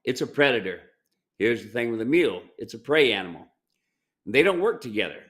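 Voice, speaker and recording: A mule trainer talks through viewer questions in a plainspoken, folksy way, often drifting into stories from working cattle. His voice is bright and a bit tense, with ordinary pitch for a man. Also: very animated, brisk. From United States. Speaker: mule trainer and ranch owner. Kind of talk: casual Q&A advice talk. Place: ranch.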